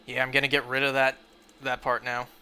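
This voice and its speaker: A man's voice: mid-range voice, completely flat delivery, a little fast, bright, forceful tone, clean tone. A man streaming a shiny hunt, chatting casually to his viewers in a rambling way full of "like"s. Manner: rambling, filler-heavy talk with many "like"s. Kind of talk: casual livestream chat while shiny hunting.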